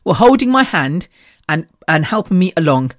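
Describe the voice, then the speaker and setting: A woman's voice: fairly low pitch, big pitch swings, normal speed, no room sound, studio quality. A woman hosting a podcast, talking in a gushing, chatty way and laughing often. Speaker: podcast host. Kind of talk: casual monologue.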